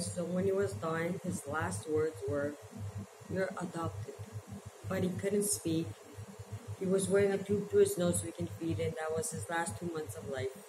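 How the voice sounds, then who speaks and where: A woman in her forties telling her life story to camera, halting and emotional as she holds back tears. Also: fairly low pitch. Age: 40s. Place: her small shop by the ocean, indoors. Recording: echoey room with background noise.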